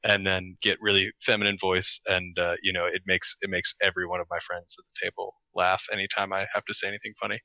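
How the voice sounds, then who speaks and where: A man guesting on a casual chat show, his voice low in pitch yet sharply bright and forward. He speaks haltingly, starting and restarting through fillers. The sound is dry and close. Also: fairly even intonation, no echo.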